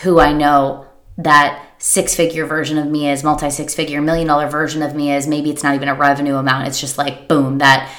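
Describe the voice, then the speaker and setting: A woman with a fairly low voice gives an emphatic motivational coaching talk. She leans on repeated phrases and slips into quick, worried imitations of her listeners' inner doubts. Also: fairly bright tone. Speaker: business coach.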